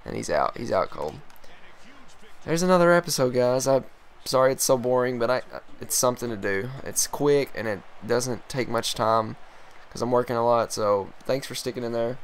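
A young man with a lively, swooping voice swearing his way through his own fighting game. He shouts and groans at the screen, then drops back to a plain, apologetic talk to his viewers. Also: medium pitch, moderate pace, a little hiss or hum. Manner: profane, yelling and groaning at the game. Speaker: gamer commentating his own play. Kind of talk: live gameplay commentary.

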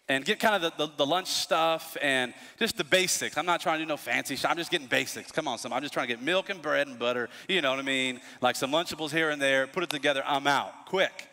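A man in his thirties preaches from the pulpit, his voice high and bright. He tells stories in an animated way with playful asides. The sound carries a long reverb from a large church hall. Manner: animated storytelling, lively asides. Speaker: pastor. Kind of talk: sermon.

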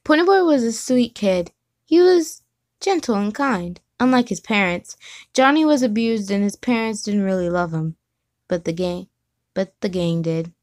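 A woman's voice: medium pitch, lively intonation, normal speed, a little mellow, no echo. Woman reader, casual and giggly, reads fan fiction with self-corrections, dry close mic. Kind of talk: reading fan fiction aloud.

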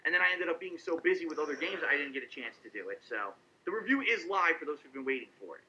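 High, rapid-fire male streamer. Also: animated, bright, forceful tone, breathy edge. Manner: rambling, talks over himself with restarts. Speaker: game streamer and reviewer. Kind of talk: live stream monologue. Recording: lo-fi stream audio.

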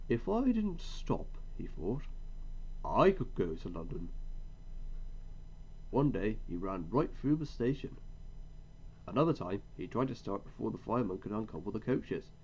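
A man narrating a storybook in an expressive, measured way. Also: on the low side, muffled recording, slight background noise.

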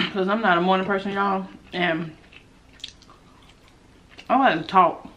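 A woman's voice: medium pitch, takes it slowly, fairly bright tone, a little hiss or hum. A young woman, chatting casually and laughing as she eats for a mukbang video. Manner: chatty, laughs often, addresses viewers as y'all. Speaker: mukbang vlogger. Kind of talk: casual chat while eating.

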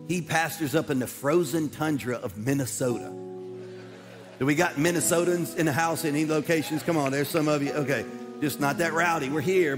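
A man, the church's pastor, introducing a guest speaker to his congregation in an energetic, rallying way. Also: on the high side. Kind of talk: sermon introduction. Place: large church auditorium. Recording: long reverb in a church hall. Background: music playing.

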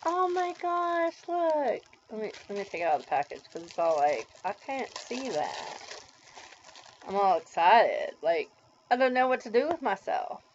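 A woman's voice: mid-range voice, darkish tone, slight background noise. A woman in her forties in a bubbly, gushing way, unboxing a package for a casual vlog. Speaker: vlogger. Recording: dull lo-fi home recording.

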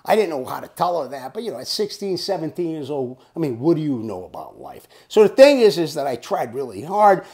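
A man's voice: a little high, very animated, a little fast, hardly any pauses, a little mellow. A man in his seventies telling a personal story in a casual way. He talks bluntly and swears freely, like a tough guy. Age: 70s. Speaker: storyteller host.

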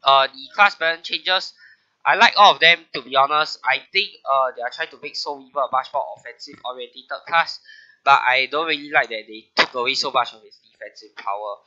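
A man's voice: medium pitch, fairly quick, pushed and bright, muffled recording. A man hosting a casual gaming video, sick with a bad flu, his voice nasal, talking through update notes with frequent "uh" fillers. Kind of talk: casual game update commentary.

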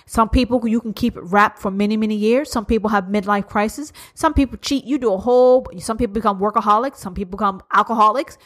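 A woman hosting a podcast, talking straight to her listeners in a blunt, profane monologue that leans on repetition. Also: fairly high pitch. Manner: profane, emphatic and repetitive, addressing listeners directly. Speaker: podcast host.

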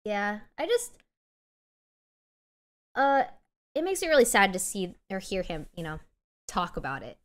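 A woman's voice: mid-range voice, sing-song, measured pace, long pauses. A young woman streamer chatting casually on a livestream, teary and emotional, gushing and rambling with lots of fillers.

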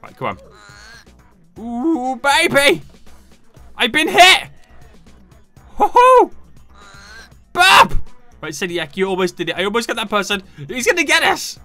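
A man giving excited gameplay commentary, shouting and talking to himself as he plays. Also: very high voice, normal speed, soft background music. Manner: animated, shouts and talks to himself while playing. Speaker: gaming YouTuber.

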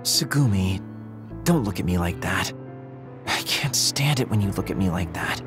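A sly teasing game character. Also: male voice, sits low, animated, moderate pace. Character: sly male moon colonist, evasive and teasing. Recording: game audio with music behind.

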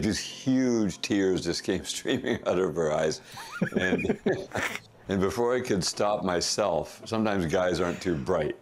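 A middle-aged man casually telling a family story as a podcast guest, chuckling often and throwing in quick asides. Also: deep voice.

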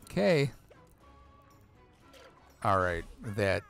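A man's voice: fairly low pitch, lively intonation, measured pace, vocal fry, faint music behind. A man who is a gaming dad, giving profane, grumbling let's play commentary on a video game. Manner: swears a lot, grumbles at the game. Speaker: gamer dad.

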